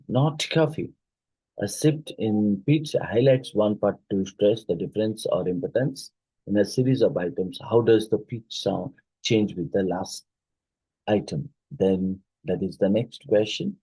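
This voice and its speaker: A man's voice: lowish voice, mellow, slightly rough, no room sound, low-quality recording. A man from India with Odia-influenced English, teaching a phonetics exam-prep lesson and explaining with many fillers and checks like "isn't it".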